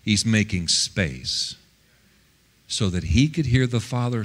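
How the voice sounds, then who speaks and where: A male pastor preaching a sermon, swinging between loud, quick passages and hushed, slow ones. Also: on the low side, expressive.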